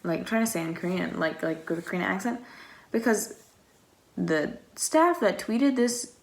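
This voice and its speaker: Chatty young woman with a gravelly, low voice. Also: animated, measured pace. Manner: rambling and chatty, heavy use of "like"; acts out quoted exchanges. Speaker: vlogger. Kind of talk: casual storytime vlog.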